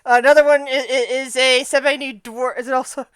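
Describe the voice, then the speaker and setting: A woman's voice: sits high, fairly even intonation, brisk, clean tone, dry recording. A woman running a tabletop game as game master, stammering and restarting as she narrates.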